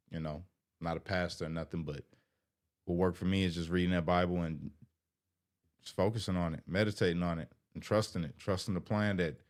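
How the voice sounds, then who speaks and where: A middle-aged man, a vlogger, talking in an earnest, emotional, rambling way to his viewers, often saying "you know". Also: sits low. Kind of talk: heartfelt casual talk to viewers.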